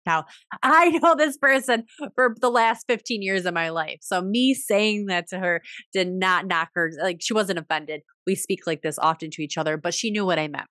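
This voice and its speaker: New woman doing a pep-talk business podcast, lively storyteller, super dry mic. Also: dry recording. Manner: animated storytelling, acts out dialogue with big pitch jumps. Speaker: podcast host. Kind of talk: motivational business podcast monologue.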